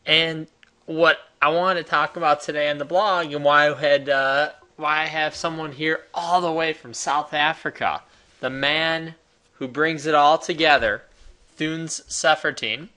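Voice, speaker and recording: A man's voice: fairly high pitch, fairly even intonation, a little slow, bright, forceful tone. A man from the United States hosting a casual, enthusiastic tutorial while sharing his screen. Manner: enthusiastic, chatty, salesy. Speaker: host.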